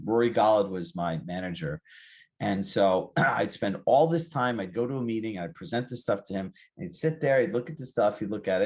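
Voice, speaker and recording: A man coaching agents in a live group session, firing rhetorical questions and calling on people by name. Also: on the low side. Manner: calls on participants by name. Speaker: real estate coach.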